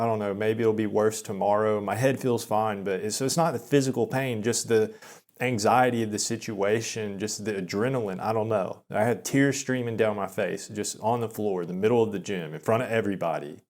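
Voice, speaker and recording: A man in his thirties telling a personal story in a rambling, self-deprecating way, with many halting restarts. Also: fairly low pitch, darkish tone. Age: 30s. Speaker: vlogger. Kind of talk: confessional storytelling monologue.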